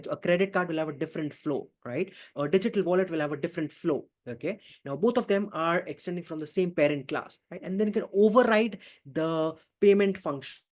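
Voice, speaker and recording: High-voiced man teaching code live. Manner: explains by asking and answering his own questions, constant "right?" and "okay?"; repeats key phrases, frequent fillers. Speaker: programming instructor. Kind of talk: live online coding lesson.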